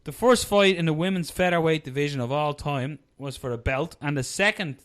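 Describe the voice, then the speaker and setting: A man with an Irish accent co-hosting a casual fight-sports podcast, swearing freely and slipping into quick impressions. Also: on the high side. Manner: swears freely, animated, mimics people in quotes. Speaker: podcast co-host. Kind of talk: casual chat.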